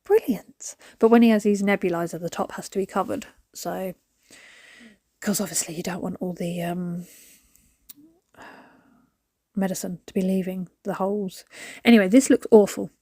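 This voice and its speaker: A woman chatting casually to the camera while she declutters, rambling and sometimes dropping to a soft whisper. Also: medium pitch, steady tone, normal speed, no room sound, studio quality. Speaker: vlogger.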